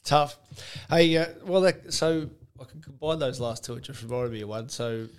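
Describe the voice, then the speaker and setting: A man with an Australian accent spins a joke at an easy, low-key pace on a podcast. His pitch sits in the middle range and he chuckles as he goes. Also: moderate pace. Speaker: podcast co-host. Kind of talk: telling a joke in casual chat.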